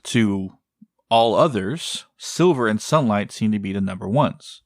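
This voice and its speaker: A man's voice: on the low side, expressive, measured pace, no room sound, clean studio sound. A man co-hosting a podcast, chatting casually and wandering off on tangents. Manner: rambling, tangential. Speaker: podcast co-host. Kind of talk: casual chat.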